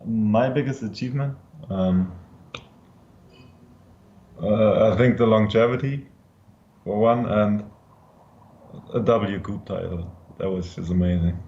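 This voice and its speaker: A man speaking as a guest in a casual poker chat, calm, measured and modest. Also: fairly low pitch, a little hiss or hum. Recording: dull lo-fi sound.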